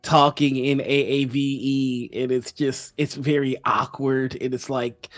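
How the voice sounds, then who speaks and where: Slow, halting man co-host. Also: mid-range voice, level tone. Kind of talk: casual chat.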